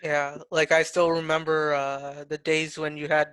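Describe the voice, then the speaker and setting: A man's voice: a little high, level tone, a little slow, a bit bright, smooth, dry recording. A man hosting a podcast, asking loose, filler-filled questions in casual chat. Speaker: podcast host.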